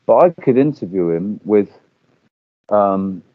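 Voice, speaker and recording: A man's voice: lowish voice, expressive, unhurried, no room sound, phone-quality sound. A man chatting casually as a guest on a video call, rambling with fillers and restarts.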